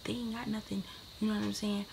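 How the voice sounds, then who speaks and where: A woman's voice: mid-range voice, little pitch movement, fast, vocal fry, darkish tone, slight background noise. A young woman giving brash, profane advice in a casual vlog, often dropping into whispers. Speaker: vlogger.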